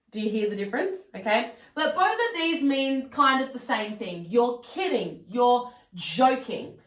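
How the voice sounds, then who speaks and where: A woman teaching an English lesson, speaking slowly and deliberately and acting out lively example reactions. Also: on the high side, reverberant, rough recording. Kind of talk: scripted online lesson.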